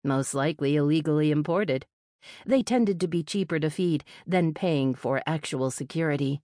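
A woman's voice: low-pitched, moderate pace, warm tone, no room sound, clean studio sound. A woman reading a first-person urban fantasy audiobook in a wry, sardonic way. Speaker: audiobook narrator. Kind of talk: first-person fiction narration.

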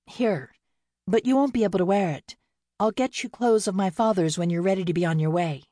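A woman's voice: mid-range voice, brisk, mellow, no room sound, clean studio sound, natural voice. A woman voicing an earnest, flustered young farm woman who speaks kindly and trips over her words when nervous. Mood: flustered, caring.

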